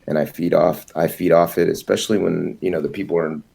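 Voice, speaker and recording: A man who plays music, tired and yawning, talking in a relaxed, halting way in a casual interview. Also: low-pitched, vocal fry, husky. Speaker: guest musician.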